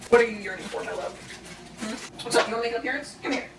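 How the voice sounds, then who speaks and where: A man's voice: very high-pitched, lively intonation, a little fast, creaky, pauses often. A young man baking at home and chatting to camera in a rambling, self-mocking way, swearing freely. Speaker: baking vlogger. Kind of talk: casual solo vlog chat while baking. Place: home kitchen. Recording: roomy, distant, noisy home recording.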